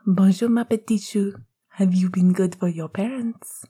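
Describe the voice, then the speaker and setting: A woman's voice: medium pitch, steady tone, measured pace, dark tone, husky. A woman voicing a playful young man who coos at a baby in a storybook reading. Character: doting, playful young godfather.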